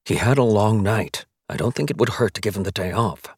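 A man's voice: lowish voice, expressive, brisk, slightly rough, no echo, studio quality. Man doing a teasing old-fashioned dad. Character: old-fashioned dad who teases his wife.

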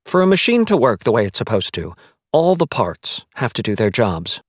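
A man reading a novel aloud as its narrator, telling the story in a measured, wry way. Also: mid-range voice, sing-song, no echo, studio quality. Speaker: audiobook narrator. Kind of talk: scripted narration.

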